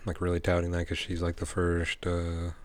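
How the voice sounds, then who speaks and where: A man's voice: sits low, monotone, normal speed, dry recording. A man co-hosting a podcast in laid-back casual chat, dry and teasing. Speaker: podcast co-host.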